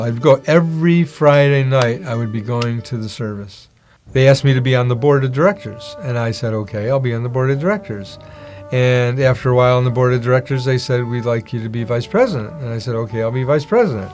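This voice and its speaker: A man's voice: mid-range voice, normal speed, darkish tone, faint music behind. A man giving a personal testimony, telling his story and acting out the voices of the people he quotes. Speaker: testimony speaker.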